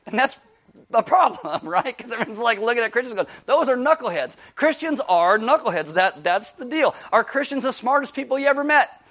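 A man preaching a sermon as pastor, animated, laughing often and asking his listeners "right?" again and again. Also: extremely high pitch, fairly quick.

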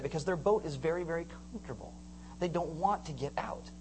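Animated, joking pastor preaching. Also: mid-range voice, fast, slight background noise, low-quality recording. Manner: animated storytelling, acts out voices with humor; conversational, casual slang. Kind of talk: sermon.

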